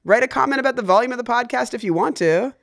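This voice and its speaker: A woman co-hosting a comedic parenting podcast, talking in a quick, joking, teasing way. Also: on the high side, vocal fry. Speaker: podcast co-host. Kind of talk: casual comedic chat.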